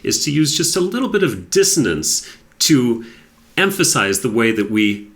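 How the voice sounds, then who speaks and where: A man's voice: medium pitch, big pitch swings, moderate pace. A man teaching a piano tutorial, explaining with enthusiasm and demonstrating at the piano. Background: piano playing.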